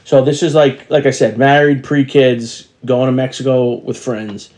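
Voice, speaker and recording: His medium-pitched voice is flat and a little mellow, moving at normal speed. A middle-aged man co-hosting a relaxed podcast, he spins rambling tales and acts out what the people he met said.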